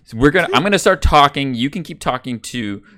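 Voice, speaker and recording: A man's voice: mid-range voice, animated, quick pace, sharp tone. Male podcast host, upbeat and steering the talk, mid-range voice. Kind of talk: casual podcast chat.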